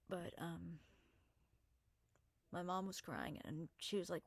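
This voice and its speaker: A young woman telling a personal story in a casual vlog, halting and hesitant, trailing off mid-sentence and swearing casually. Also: on the low side, vocal fry, breathy edge, no room sound. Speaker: vlogger.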